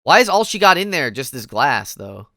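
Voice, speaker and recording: A man's voice: on the high side, sing-song, moderate pace, gravelly, pushed and bright, no room sound, clean studio sound. A man streaming a courtroom video game, in playful, goofy casual commentary as he reacts to his chat.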